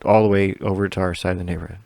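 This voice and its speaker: This podcast co-host races through a long, loosely told story, swearing constantly and laughing as he talks. His low-pitched voice is gravelly and darkish, his delivery flat, and there is no room sound.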